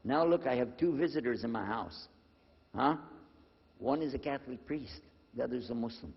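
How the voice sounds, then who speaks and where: An older man telling a personal story to an audience, lively and acting out the dialogue in a husky voice. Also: mid-range voice, moderate pace. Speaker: speaker telling his conversion story. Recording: dull lo-fi recording with long hall reverb.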